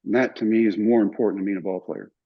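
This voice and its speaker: An older man telling stories in an interview, animated and acting out other people's lines. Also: on the low side, fast, husky. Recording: somewhat dull, muffled recording.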